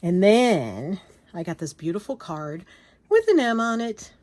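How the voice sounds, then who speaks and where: A woman vlogger showing off craft papers and fabrics in a gushing, excitable, casual chat, often trailing off and restarting. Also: medium pitch, measured pace, dry recording. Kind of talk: casual show-and-tell chat.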